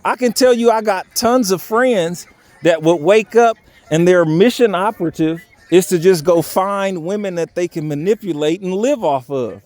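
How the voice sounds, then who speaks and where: A man's voice: sits high, normal speed, a little mellow. Earnest young man pleading outdoors. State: voice unsteady from crying. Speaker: vlogger. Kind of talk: candid personal vlog. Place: outdoors by a railroad bridge.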